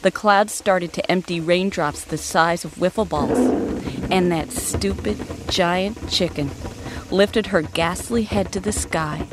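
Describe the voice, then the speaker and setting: A woman reading a dramatic story in a wry, deadpan way. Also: lowish voice, takes it slowly, heavy background noise. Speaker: story reader.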